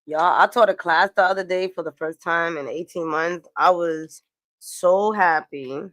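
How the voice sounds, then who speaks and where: A woman's voice: lowish voice, measured pace, fairly bright tone, no room sound. Chatty woman reading tarot, dry close sound. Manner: chatty, swearing, laughing asides. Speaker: tarot reader. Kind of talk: casual astrology and tarot reading.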